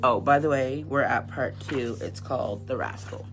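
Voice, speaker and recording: Male book vlogger, casual and rambling, lots of "like," a creaky voice, music underneath. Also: medium pitch, moderate pace. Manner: chatty, filler-heavy retelling with frequent "like". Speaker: book channel host. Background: background music.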